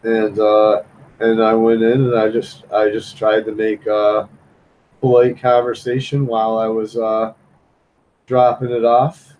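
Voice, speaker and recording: Drawing on his live stream, a man talks in a lowish monotone, a little slowly, over dull audio. His loose chat rambles and repeats, tinged with frustration, with "man" cropping up again and again.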